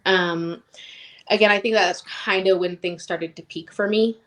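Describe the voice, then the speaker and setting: A woman's voice: on the low side, steady tone, measured pace, a bit bright. A woman in her thirties telling her personal story as an interview guest, rambling and emotionally open with lots of "like".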